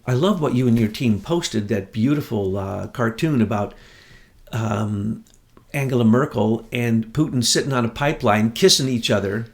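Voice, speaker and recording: An American man in casual political chat, scornful and mocking as he talks. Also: medium pitch. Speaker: political commentator.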